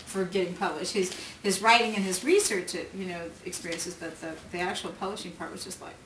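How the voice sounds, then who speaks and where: A woman's voice: on the low side, steady tone, brisk, fairly bright tone. A woman in an audience chatting casually and recounting an anecdote with quoted voices. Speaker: audience member. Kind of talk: casual conversation. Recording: far-off mic in an echoey room with faint noise.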